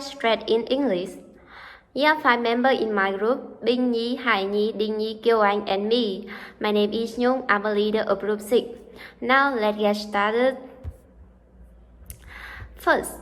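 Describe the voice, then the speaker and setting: Young woman, student presenter, slow careful read, hall reverb. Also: fairly high pitch. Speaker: student group leader presenting. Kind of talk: read-aloud class presentation.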